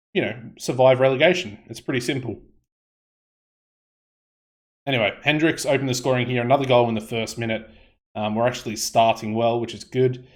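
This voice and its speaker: Rambling Australian man commentating a game. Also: medium pitch. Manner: rambling, hesitant, many fillers and restarts. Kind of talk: casual gameplay commentary.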